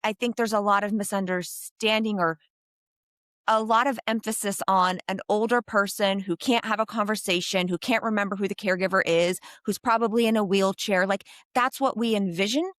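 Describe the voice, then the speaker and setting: A woman geropsychologist answering interview questions in a thoughtful, animated way, with frequent fillers. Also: mid-range voice, moderate pace, no echo, clean studio sound. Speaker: geropsychologist guest.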